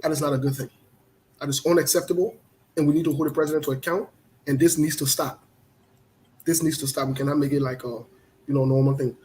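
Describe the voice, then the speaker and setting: A man hosting a casual online talk show, welcoming viewers by name and scolding them in an animated way. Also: a little high, quick pace, pauses often, slight background noise. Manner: animated, scolding, switches to spoken Liberian English.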